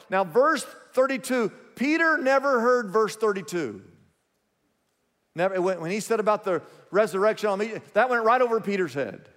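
A man preaching a sermon to his congregation. He speaks with emphasis and calls on the crowd to repeat words back to him. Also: high voice. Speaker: pastor. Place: large church auditorium. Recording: long hall reverb.

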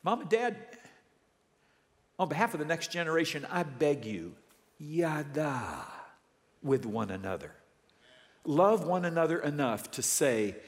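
Male preacher, higher voice, lively swooping delivery, storytelling sermon with congregation call-outs. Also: a little slow, long pauses. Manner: animated storytelling, calls out to congregation. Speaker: pastor. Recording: long reverb of a large hall.

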